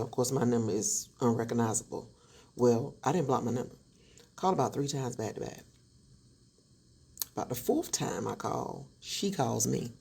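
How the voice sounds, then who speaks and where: A woman's voice: a bass voice, creaky, mellow, slightly rough. A woman telling a true story in a dramatic, sassy storytime style, acting out each voice. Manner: dramatic, sassy, acts out every voice. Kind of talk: animated storytime.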